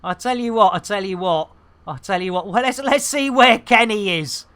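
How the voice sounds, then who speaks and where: A woman's voice: medium pitch, normal speed, fairly bright tone. A middle-aged woman, chatting and joking her way through a live game stream in slangy banter.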